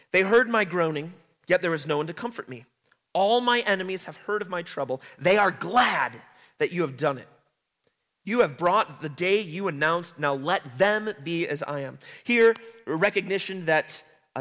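A man with a high voice reads verses of scripture and unpacks them like a teacher. He talks earnestly and now and then bursts into emphatic retellings of the lines. His voice trails off into a long reverb, as if spoken in a large hall. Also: animated, moderate pace, a bit bright. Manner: earnest, breaks into emphatic paraphrased cries. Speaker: Bible teacher. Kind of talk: scripture reading and commentary.

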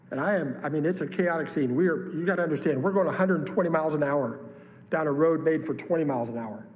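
A man's voice: fairly high pitch, fast. A man preaching a sermon, telling a personal story with earnest emotion. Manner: earnest, emotional testimony with rising outbursts. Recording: long hall reverb, faint room ambience.

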